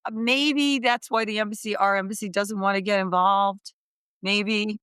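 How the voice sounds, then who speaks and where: A woman's voice: medium pitch, moderate pace, clean tone, no room sound. An American woman on a podcast tells a personal story and acts out the voices of people from it. Her voice sits in a middle register, and she stumbles and restarts as she goes. The recording is dry and close. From United States. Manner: animated storytelling, acting out remembered dialogue with restarts. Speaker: author guest.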